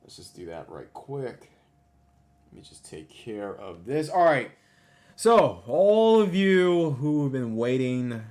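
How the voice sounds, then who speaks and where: A man hosting a casual livestream, talking over a map and reading out numbers, excitable and often repeating himself. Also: medium pitch, takes it slowly. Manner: excitable, exclamatory, repeats phrases. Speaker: livestream host.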